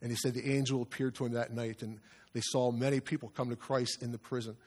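A man's voice: mid-range voice, little pitch movement, quick pace, darkish tone, husky. Man preaching a conversational sermon. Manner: earnest, conversational preaching with asides to the congregation. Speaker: pastor.

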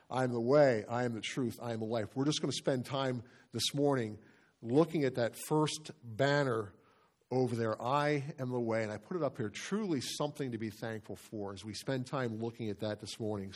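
A man's voice: mid-range voice, a little mellow. A man preaching a sermon as pastor, earnest and stressing phrases by repeating them.

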